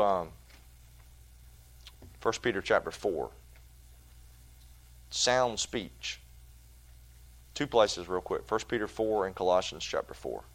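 A man preaching a sermon in a church, folksy and animated, with homespun asides. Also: medium pitch.

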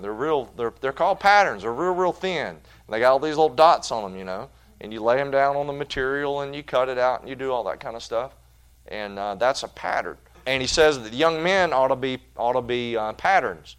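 A man preaching a sermon in a church, folksy and animated, with homespun asides. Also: medium pitch.

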